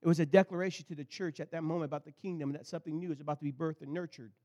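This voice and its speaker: Man preacher, high tenor, storytelling sermon, loud bursts and low intense passages. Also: steady tone, racing. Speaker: pastor.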